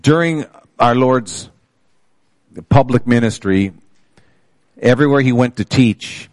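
A man's voice: medium pitch, slow, no room sound. An older man preaching a sermon, calling out to his congregation and reading scripture aloud with rising emphasis. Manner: preaching with call-outs to the congregation. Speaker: pastor.

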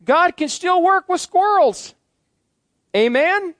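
Male pastor, middle-aged, folksy preacher, high-pitched voice, dry close mic. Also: animated, slow, fairly bright tone, no echo. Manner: folksy, joking asides to the congregation. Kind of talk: sermon.

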